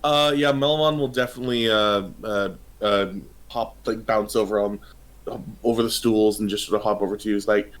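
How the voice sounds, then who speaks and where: A man narrating as game master of a tabletop role-playing game, halting and full of pauses. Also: on the low side, steady tone. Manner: hesitant, many pauses.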